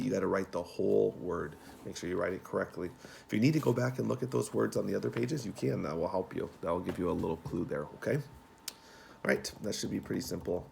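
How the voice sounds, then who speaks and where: A man as a teacher, walking young students through homework in a relaxed, folksy way with many fillers. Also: low-pitched, creaky, slight background noise. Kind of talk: remote homework walkthrough.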